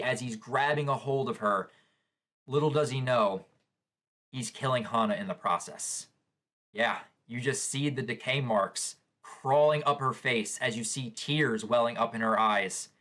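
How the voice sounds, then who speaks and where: A man's voice: medium pitch, unhurried, fairly bright tone. A man hosting a live manga reaction, describing the panels aloud and reacting with shock to what he reads.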